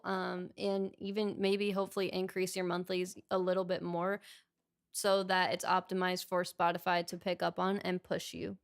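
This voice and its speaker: A woman's voice: mid-range voice, creaky, smooth. Casual woman co-hosting a livestream. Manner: casual, friendly and practical, with fillers.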